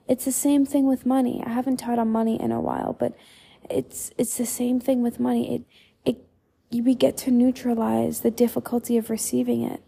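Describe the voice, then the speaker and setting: A woman's voice: fairly high pitch, creaky, dark tone, breathy edge. A woman hosting a podcast, delivering a blunt motivational monologue full of swearing and emphatic repetition. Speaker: podcast host and mindset coach.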